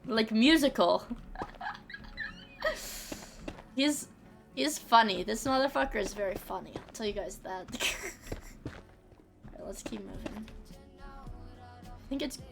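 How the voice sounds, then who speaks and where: A woman's voice: on the high side, slow pace, gravelly, pauses often, music in the background. A young woman streaming a game, chatting casually, swearing freely and often restarting her sentences. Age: young adult. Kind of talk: casual gaming livestream chat.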